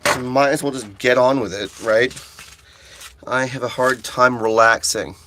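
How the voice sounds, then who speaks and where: A man, an audiobook narrator, chatting casually with viewers on a livestream, excitable and quick to burst into exclamations, with frequent restarts. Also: medium pitch, background noise. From United States. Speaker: audiobook narrator live-streaming. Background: faint chill music he put on.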